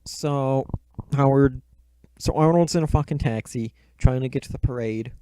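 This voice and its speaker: A man's voice: medium pitch, moderate pace, mellow, clean tone, no echo. A man giving a casual recap of a book and movie, swearing constantly with sardonic, rambling asides.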